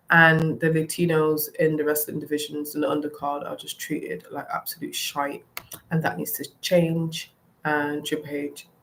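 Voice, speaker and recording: A woman's voice: deep voice, a little hiss or hum. Blunt woman ranting about wrestling. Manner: blunt, animated, frustrated. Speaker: wrestling commentary vlogger. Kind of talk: opinionated solo rant.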